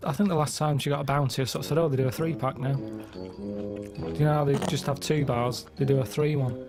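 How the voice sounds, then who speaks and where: A man chatting on a radio show, telling everyday stories in a flat, deadpan way. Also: mid-range voice, fairly quick, music in the background. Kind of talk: casual chat. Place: radio studio.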